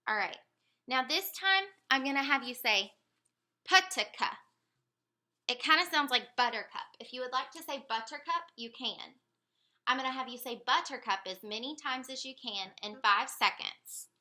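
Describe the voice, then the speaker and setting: A woman running a motor speech examination, giving calm step-by-step instructions. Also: high voice, normal speed. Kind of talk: clinical motor speech exam.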